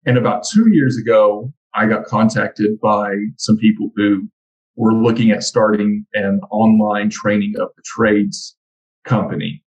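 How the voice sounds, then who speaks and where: A man talks through his career as a podcast guest, plain and unhurried. His voice sits on the low side. He sounds like an easygoing expert. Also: fairly even intonation, highs cut off. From Texas. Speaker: guest, trade instructor. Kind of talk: conversational interview.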